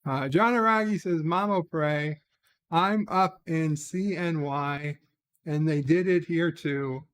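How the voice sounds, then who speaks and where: A man's voice: on the high side, slow pace, fairly bright tone, clear, resonant tone. A man hosting a casual livestream, reading viewer comments aloud and answering each with short asides. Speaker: livestream host.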